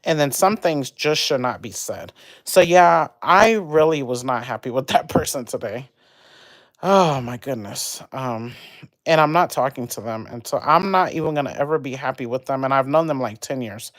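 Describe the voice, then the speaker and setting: A woman's voice: very deep voice, moderate pace, no room sound. Brief: young woman, casual livestreamer, rambling and heated, dry close sound. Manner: rambling, animated, venting about an argument. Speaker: livestream host.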